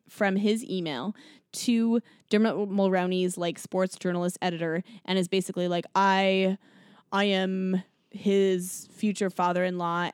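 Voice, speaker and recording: A woman's voice: fairly low pitch, a little mellow, clear, resonant tone, dry recording, clean studio sound. A young woman co-hosting a podcast, casually recapping a film with lots of fillers and acted-out quotes. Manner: chatty, lots of likes and ums, acts out quotes. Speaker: podcast co-host.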